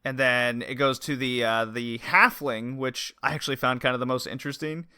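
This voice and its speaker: Bright-voiced man in lively podcast chat. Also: mid-range voice, normal speed, clean tone, no echo, studio quality. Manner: animated, laughing, acts out quotes. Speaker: podcast co-host.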